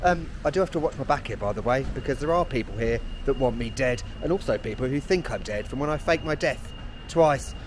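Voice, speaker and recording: A man's voice: mid-range voice, animated, fairly quick, slight background noise. A man with a West London accent walking and talking to camera in a travel vlog, full of dry sarcastic humor. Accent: West London (Hounslow). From Hounslow, London. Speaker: travel vlogger. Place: outdoors on windy town streets.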